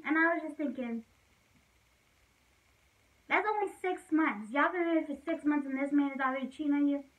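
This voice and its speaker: A woman's voice: high-pitched, brisk, recorded from a distance, rough recording. A young woman casually telling a personal story to the camera, chatty and full of fillers. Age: young adult. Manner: chatty, fillers like "like", frequent laughs.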